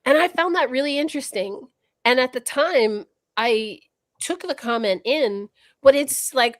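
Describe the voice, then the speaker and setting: A high-pitched woman speaks in an unhurried way while co-hosting a casual livestream discussion as a podcast co-host. She thinks aloud thoughtfully and reflectively, restarting her sentences often as she sorts through ideas. It's a dry recording.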